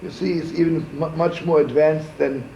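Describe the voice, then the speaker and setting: Rabbi storyteller, gravelly and rambling, with Yiddish asides; muffled, echoey archival room tape. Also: male voice, a little high, steady tone, moderate pace, dark tone, a little hiss or hum. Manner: folksy, digressive, with frequent "right?" asides; sprinkles Yiddish words. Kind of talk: informal storytelling talk.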